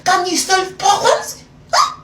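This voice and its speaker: A sassy woman with a thick, put-on French accent, her pitch swooping high as she talks down to someone, as a storyteller acts herself out. The voice bounces around a roomy space and comes from some way off. Noise runs underneath. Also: huge pitch swings, slow pace, heavily acted. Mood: mocking. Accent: fake French. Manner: exaggerated, sassy. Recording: echoey room, far from mic, noisy.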